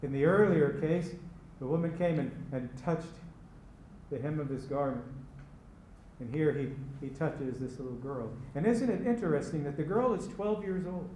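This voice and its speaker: A man preaching a sermon as pastor, slow and emphatic, repeating key phrases. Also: fairly high pitch, mellow, a little hiss or hum. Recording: echoey room with faint ambience.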